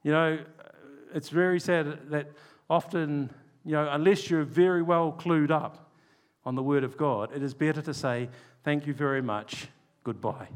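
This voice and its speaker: A man preaching a sermon, stressing key words by slowing down and dropping low and quiet for asides. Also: fairly even intonation.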